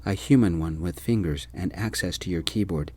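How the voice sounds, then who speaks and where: A man voicing a calm, formal German male student who is a computer whiz, speaking precisely with a German accent in a soft-spoken ASMR story. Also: deep voice, normal speed.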